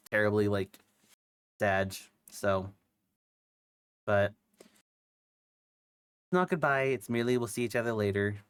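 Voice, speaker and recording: A man's voice: on the low side, fairly bright tone. A young man who is sick with a cough, chatting casually on his stream, rambling with lots of fillers and restarts. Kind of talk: casual chat.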